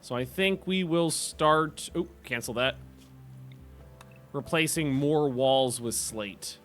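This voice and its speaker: A man's voice: fairly high pitch, slow pace, fairly bright tone, soft background music. Chatty man streaming a game. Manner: chatty, rambling, laughs often, self-interrupting. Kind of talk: casual gameplay commentary chatting with viewers.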